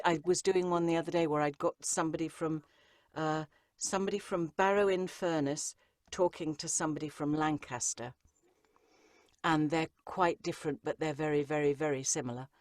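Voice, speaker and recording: A chatty woman narrator with a low-pitched voice speaks in a lively, rambling way, full of ums and asides. The sound is close and dry, with no room around it. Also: moderate pace, no room sound. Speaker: audiobook narrator, guest. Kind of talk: conversational interview answers.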